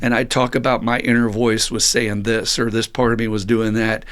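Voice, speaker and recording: A man's voice: mid-range voice, flat delivery, normal speed, fairly bright tone, clean tone. A middle-aged man hosting a recovery podcast, talking in an earnest, musing monologue and acting out the voices he quotes. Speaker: podcast host and recovery group counselor.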